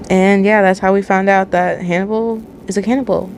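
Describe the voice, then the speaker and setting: Young woman reading fanfic at home, chatty, laughs often, stumbles, mid-pitched. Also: lively intonation, moderate pace, darkish tone, a little hiss or hum. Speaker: channel host reading fanfiction. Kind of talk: casual fanfic reading aloud.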